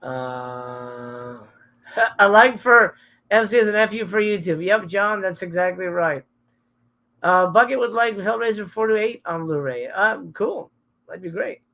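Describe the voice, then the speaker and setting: A man's voice: sits high, normal speed, gravelly, bright, forceful tone. Candid, cursing live-stream host, a man. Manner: candid and emotional, swears often, trails off and restarts. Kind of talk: casual live-stream chat, reading viewer comments.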